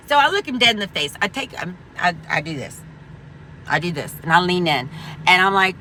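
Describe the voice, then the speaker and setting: A woman's voice: on the high side, lively intonation, fast, pushed and bright, a little hiss or hum. A woman vlogging an angry, profane rant, emphatic and rambling, full of restarts. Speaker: veteran vlogger.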